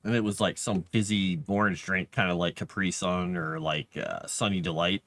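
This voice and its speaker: A man's voice: low-pitched, fairly even intonation, moderate pace, a bit bright. A man streaming live as he writes fantasy lore, chatting casually and rambling, and reading his drafts aloud under his breath.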